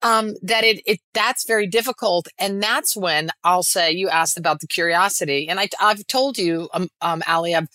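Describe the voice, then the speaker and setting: A woman speaks as a guest on a podcast, animated and quick to act out little quotes. She restarts her sentences often. Her voice is bright and clear, and the sound is dry and close. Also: fairly low pitch, no room sound. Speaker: actress guest. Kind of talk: casual podcast chat.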